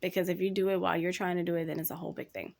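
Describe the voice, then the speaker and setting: Young woman chatting real candid to her listeners, says y'all, voice sits kinda low. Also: little pitch movement, rapid-fire, creaky, darkish tone. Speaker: podcast host. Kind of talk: casual advice talk.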